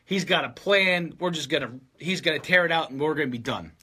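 A man telling a story in a casual, animated way and acting out his friends' lines. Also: on the high side, brisk, husky.

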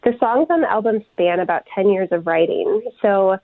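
A woman's voice: mid-range voice, moderate pace, dry recording. Woman musician on a tinny phone line. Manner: warm, reflective, many ums. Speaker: musician guest. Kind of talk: phone interview.

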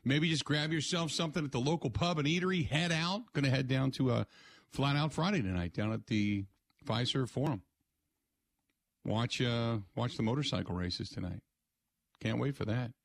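A man's voice: mid-range voice, moderate pace, vocal fry, no echo. A man hosting a sports radio show, rambling and joking through casual rants. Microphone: studio mic.

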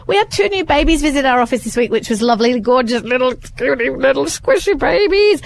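A chatty young woman hosting a podcast. Her voice sits a little high and she talks with lively energy. A faint hiss of noise sits behind her. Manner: chatty, animated, laughs easily. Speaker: podcast host. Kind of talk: casual chat.

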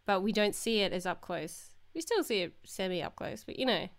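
A young woman co-hosting a podcast in casual chat, talking in loose, restarting sentences full of "like" and quick laughs. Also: medium pitch, lively intonation. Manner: chatty, many likes and restarts, frequent laughter. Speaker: podcast co-host.

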